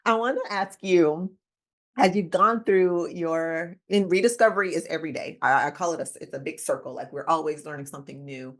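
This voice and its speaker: A woman in her thirties hosting a casual interview, telling a personal story in an animated way and acting out what people said. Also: brisk. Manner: animated storytelling, acting out quoted lines with big pitch jumps. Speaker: podcast host.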